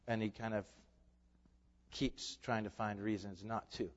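A man preaching an expository sermon, asking the congregation rhetorical questions and swinging between loud emphasis and hushed asides. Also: lowish voice, steady tone, unhurried, long pauses. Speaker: pastor. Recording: reverberant hall, dull lo-fi sound.

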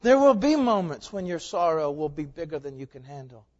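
A male pastor preaching an impassioned sermon, firing off rhetorical questions and swinging between hushed and loud passages. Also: a little high, sing-song, a little fast. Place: church sanctuary. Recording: dull lo-fi recording with long hall reverb.

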